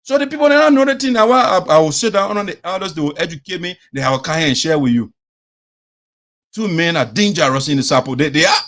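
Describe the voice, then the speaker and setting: A Liberian man hosting an opinionated commentary show. He talks in an animated way, mixes in phrases of his local language, and mimics the people he talks about. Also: on the high side, quick pace. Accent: Liberian English. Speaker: host.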